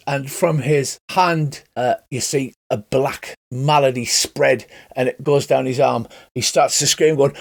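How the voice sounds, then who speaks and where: A man's voice: mid-range voice, fairly even intonation, moderate pace, vocal fry, hardly any pauses, dry recording, clean studio sound. A man narrating as game master of a tabletop game, chatty and laughing often.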